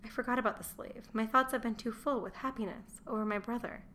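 A woman reading the lines of a meek young Roman wife who is anxious to please her husband, in a mild, soft-spoken manner, as an audiobook character voice. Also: on the high side, fairly even intonation, quick pace, a little hiss or hum.

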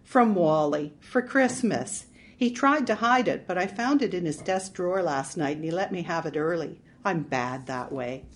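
A woman's voice: fairly low pitch, animated, moderate pace, lightly acted. A woman reading an audiobook, voicing a flighty, dramatic grown woman who gushes theatrically. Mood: chatty. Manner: gushing and theatrical.

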